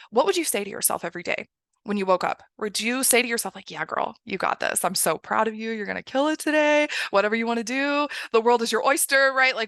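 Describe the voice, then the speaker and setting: A woman's voice: on the high side, fairly bright tone, dry recording. A woman giving an emphatic motivational coaching talk, often checking in with "right?". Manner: emphatic, keeps asking "right?". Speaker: success coach.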